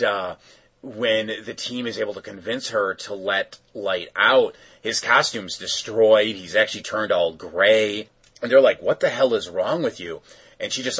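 A man's voice: on the low side, fairly bright tone, breathy edge, low-quality recording. A man casually recapping a cartoon episode, rambling with lots of fillers. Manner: rambling, filler-heavy storytelling.

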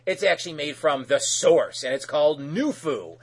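Husky, rambling male podcast host. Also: on the high side, lively intonation, normal speed. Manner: rambling, full of fillers. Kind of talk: casual episode recap.

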